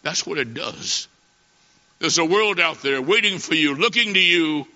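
Preacher guy, super bright forceful voice, repeats himself for emphasis, long church echo. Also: a little high, expressive, a little slow. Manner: emphatic, repetitive, calls to congregation. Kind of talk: revival sermon with storytelling. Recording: dull audio with long hall reverb.

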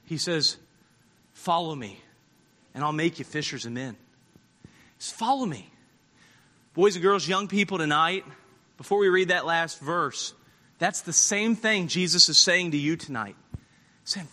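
High bright-voiced man preaching in a hall. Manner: earnest, emphatic, with repeated restarts. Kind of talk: sermon to children and youth. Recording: long hall reverb.

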